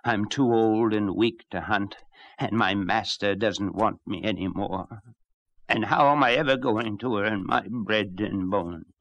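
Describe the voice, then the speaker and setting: A man's voice: lowish voice, a little slow, creaky, fairly bright tone, dry recording, lo-fi sound, full character voice. A man voicing a weary, breathless old hunting hound. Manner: weary, panting.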